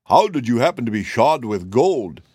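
A man's voice: medium pitch, very animated, normal speed, warm tone, husky, no room sound, studio quality. A man voicing a proud, vain old male cab horse who talks down with lofty pity. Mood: boastful. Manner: boastful, pitying, lofty.

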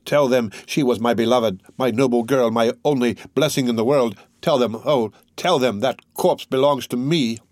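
A man's voice: medium pitch, moderate pace, few pauses, darkish tone, no room sound, studio quality, lightly acted. A man reading the part of a grief-stricken young man who pleads and swears vengeance. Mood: pleading. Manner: impassioned, pleading.

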